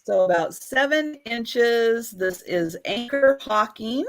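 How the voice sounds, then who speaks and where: This is a woman co-hosting a live vintage sale over a home internet stream. She takes her time, talking at a slow, deliberate pace. Her item descriptions are careful and full of small ums and restarts. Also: a little high, lively intonation, soft background music. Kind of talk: live online sales chat. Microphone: streaming over a home internet connection.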